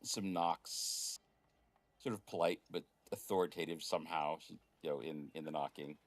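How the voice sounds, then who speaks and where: A man's voice: a bass voice, normal speed, no room sound. A man narrating a tabletop role-playing game as game master, in a loose, rambling way with frequent fillers.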